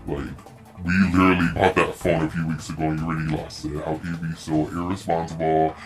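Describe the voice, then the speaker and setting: A man's voice: very deep voice, takes it slowly, gravelly, darkish tone, soft background music, voice pushed down, full character voice. A young man voicing his angry elderly grandpa scolding him over the phone, harsh and cursing.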